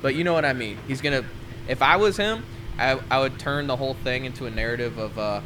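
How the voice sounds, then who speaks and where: A man's voice: mid-range voice, quick pace, very noisy. Blunt, swearing man on a podcast. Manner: confident, blunt, swears freely. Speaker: podcast co-host. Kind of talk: casual podcast chat.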